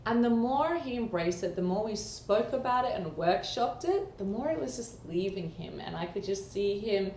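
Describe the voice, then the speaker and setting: A woman with a medium-pitched, slightly mellow voice co-hosts a casual chat, speaking at normal speed with lively intonation and barely pausing. She talks animatedly and acts out quoted dialogue, in an echoey room with faint background noise.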